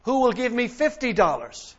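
A man voicing a brisk male auctioneer who calls out bids loudly in a story. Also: medium pitch, lo-fi sound. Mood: calling bids. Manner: loud, calling out bids.

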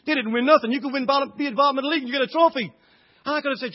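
A middle-aged Irish man preaching a sermon with passion, swinging between loud outbursts and hushed moments. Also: very high-pitched, rapid-fire. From Ireland. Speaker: pastor. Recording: dull lo-fi recording.

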